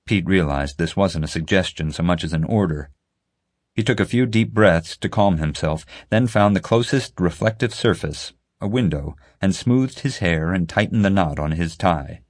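A male audiobook narrator reads with a steady storytelling manner and a very deep voice. The recording is dry and close, with no room sound. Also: unhurried, no echo. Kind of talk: scripted narration.

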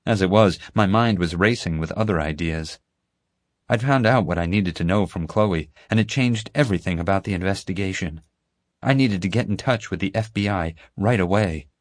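Low-voiced man narrating a story. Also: normal speed, no room sound. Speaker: audiobook narrator. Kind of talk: scripted first-person narration. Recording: dry close studio sound.

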